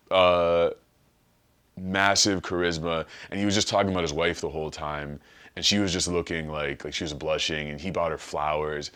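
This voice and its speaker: A man with a very low voice chats as a podcast guest. He tells a rambling story full of swearing and animated asides. His delivery is loose and conversational. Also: moderate pace, clean tone. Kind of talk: casual chat.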